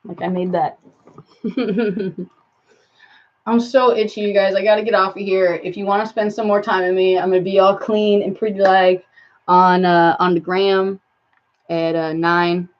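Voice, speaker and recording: A woman's voice: mid-range voice, little pitch movement, measured pace, long pauses. Rambling woman live-streaming on lo-fi audio. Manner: rambling, filler-heavy, talks to viewers and her cat. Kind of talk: casual live stream chat. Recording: slightly dull lo-fi stream audio.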